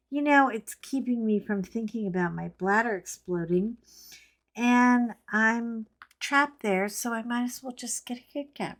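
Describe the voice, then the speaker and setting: Female host, unhurried casual storyteller, chatty and playful. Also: medium pitch. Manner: chatty, rambling, playful asides to viewers.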